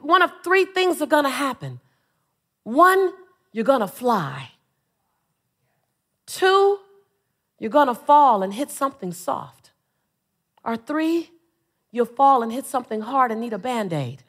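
A woman's voice: high-pitched, slow, long pauses, husky. A woman in her forties giving a live motivational stage speech, telling funny stories and rousing the crowd with call-and-response. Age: 40s. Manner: animated, humorous storytelling, rousing exhortations. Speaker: motivational speaker.

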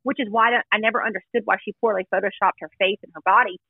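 Racing along in a steady, slightly rough mid-range voice, a woman guest recounts a story in casual gossip over a tinny phone line, recorded dry. She's chatty and emphatic, driving her points home with "let me tell you."

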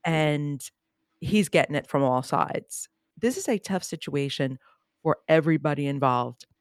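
A woman's voice: deep voice, unhurried, no echo, clean studio sound. A woman co-hosting a casual sports chat show, giving sarcastic, opinionated commentary. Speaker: podcast co-host. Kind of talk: casual chat about Olympic news.

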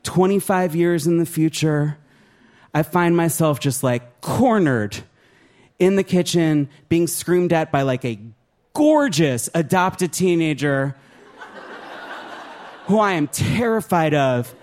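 A man doing a stand-up comedy set on a club stage, with an animated, profane, self-mocking delivery. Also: a little high, slow. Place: comedy club stage before a laughing audience.

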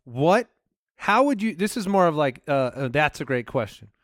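Man hosting a podcast, kinda high lively voice, halting questions, dry sound. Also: dry recording. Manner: asks questions, halting restarts. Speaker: podcast host. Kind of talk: casual comedic chat.

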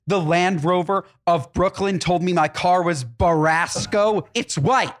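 A co-host telling stories in a casual chat, lively and worked up at times. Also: a little slow. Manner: lively storyteller, swings up in pitch when worked up. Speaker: podcast co-host.

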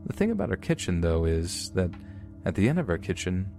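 A man who hosts a podcast, reading listeners' true scary stories aloud in a steady, measured narration. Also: low voice, creaky, faint music behind. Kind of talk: scripted horror story narration.

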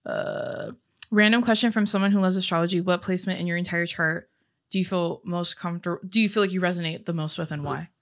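Chatty young woman, bright tone. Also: on the low side, steady tone, quick pace. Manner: warm, chatty, reads out listener questions. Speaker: podcast co-host. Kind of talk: casual chat.

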